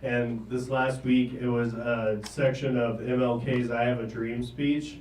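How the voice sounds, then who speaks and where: A man in his thirties from the American South doing a stand-up set, halting and trailing off, often chuckling at his own jokes. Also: mid-range voice, level tone, a little mellow, a little hiss or hum. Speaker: stand-up comedian. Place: comedy stage in a small room. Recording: roomy, distant live room recording.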